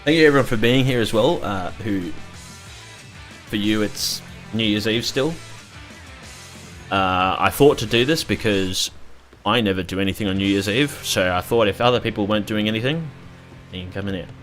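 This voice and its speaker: A man's voice: on the low side, normal speed, pauses often, fairly bright tone, soft background music. A young Australian man in his twenties chatting casually and rambling while streaming a game, joking and swearing often. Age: 20s. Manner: rambling, profane, jokey.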